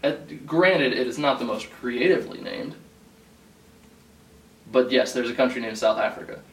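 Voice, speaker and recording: A man's voice: mid-range voice, normal speed. Dry, teasing man, echoey room. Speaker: podcast co-host. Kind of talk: casual chat. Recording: roomy sound from a distant mic, faint noise.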